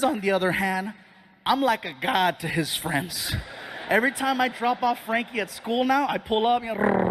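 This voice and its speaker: A middle-aged man doing stand-up comedy on stage for a live audience. He tells his story with animated energy and acts out the characters. His voice sits high for a man, with faint ambient noise behind.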